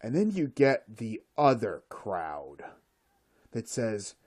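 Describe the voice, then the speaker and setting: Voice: medium pitch, big pitch swings, slow pace, a little mellow, husky. A speaker delivering a solo rant in an exasperated, sarcastic way.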